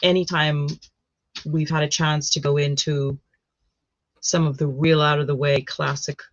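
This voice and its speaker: An American woman talks casually, often pausing with fillers and restarting her sentences. The recording is dull and lo-fi, with a dry sound close to the mic. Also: deep voice, little pitch movement, no echo. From United States. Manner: hesitant, many ums and restarts. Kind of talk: casual chat.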